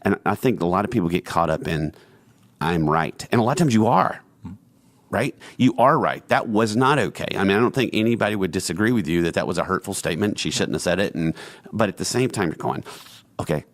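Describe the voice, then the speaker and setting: Deep-voiced reflective male host. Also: animated, fast, no room sound. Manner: reflective, affirming conversationalist. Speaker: podcast host. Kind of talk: casual podcast conversation.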